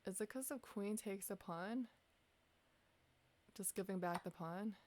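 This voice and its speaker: A woman's voice: medium pitch, a little slow, darkish tone, a little hiss or hum. A woman chess streamer thinking aloud as she analyzes her games, asking herself questions and poking fun at her own mistakes. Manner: muses aloud, asks herself questions, self-deprecating.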